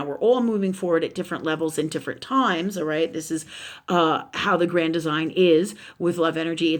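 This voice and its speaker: A woman spiritual teacher talking casually in a live stream, animated and profane, with many fillers and asides. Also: lowish voice.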